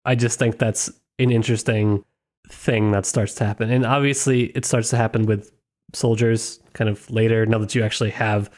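A man's voice: lowish voice, flat delivery, normal speed, a little mellow. A man co-hosting a casual book podcast, a little congested, joking and laughing often as he rambles. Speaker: podcast co-host. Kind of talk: casual book-club chat.

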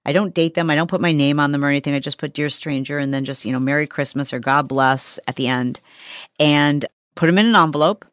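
A middle-aged woman hosting a podcast, telling a story in a chatty, animated way with lots of fillers. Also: sits low, fast, dry recording, studio quality. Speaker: podcast host. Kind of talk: casual podcast monologue.

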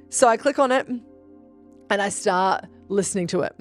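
A young woman hosting a podcast, telling spiritual stories in a casual, profane, animated way that jumps into excited shouts. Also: normal speed, faint music behind. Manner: animated, profane, bursts into high excited shouts when reenacting. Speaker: podcast host. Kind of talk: casual storytelling monologue.

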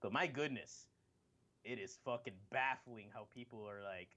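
A man's voice: medium pitch, normal speed, sharp tone. A man co-hosting a casual wrestling podcast, rambling and swearing as he acts out what others said. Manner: rambling, profane, acts out quotes. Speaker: podcast co-host.

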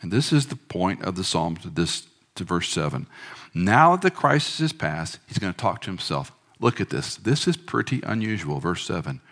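A middle-aged male pastor preaching a sermon in a church, swinging between emphatic bursts and hushed, quiet lines. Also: sits low, animated, normal speed, hardly any pauses.

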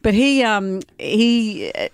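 A woman's voice: mid-range voice, very animated, slow pace, clean tone, dry recording, studio quality. An Australian woman co-hosting a radio show, chatting casually and reading out quotes with mock drama. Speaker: radio co-host.

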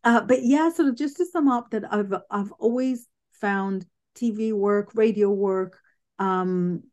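A woman from the UK with a quirky, unusual voice, chatting loudly as a guest over a video call. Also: mid-range voice, measured pace. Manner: loud, chatty, laughs often. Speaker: guest psychic medium. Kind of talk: casual interview chat.

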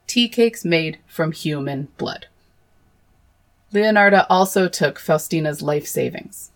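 A woman with a low voice hosts a true crime podcast. Her tone is gravelly with a lot of vocal fry. She tells the case plainly, then breaks into blunt, swearing asides of horror. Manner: blunt and swearing, with horrified outbursts. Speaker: podcast host.

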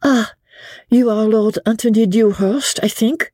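A woman's voice: medium pitch, takes it slowly, warm tone, slightly rough, no echo, clean studio sound, voice pushed up. A woman voicing an elderly foreign countess who speaks with a strong foreign accent in a gracious, exclaiming way.

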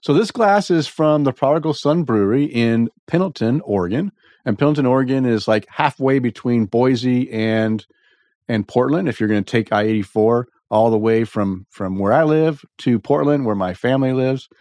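A man hosting a casual podcast, a bit congested with a frog in his throat, talking in a relaxed, chatty way. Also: medium pitch, moderate pace, no echo, clean studio sound. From US Pacific Northwest. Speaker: podcast host. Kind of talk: casual chat.

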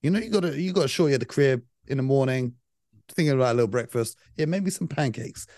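A man's voice: medium pitch, animated, fast, darkish tone, no room sound. Male podcast host, dry and close. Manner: runs the segments, speaks to listeners, firm and opinionated. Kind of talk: casual chat.

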